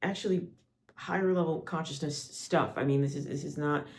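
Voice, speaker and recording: A man's voice: a little high, fairly even intonation, normal speed. A man hosting a spiritual podcast, talking in a loose monologue with frequent restarts and asides. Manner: rambling, many restarts and asides. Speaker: podcast host.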